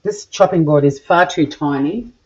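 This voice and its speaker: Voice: medium pitch, normal speed, muffled recording, noisy background. A home cook with an Australian accent chatting casually while cooking in a home kitchen, joking crudely and rambling as they go. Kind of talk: casual cooking vlog chat.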